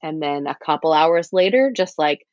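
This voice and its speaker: A woman's voice: sits low, animated, normal speed, darkish tone, dry recording. Frank woman on dull lo-fi audio. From United States. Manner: frank, rambling, self-deprecating asides. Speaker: podcast guest. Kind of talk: candid conversational interview.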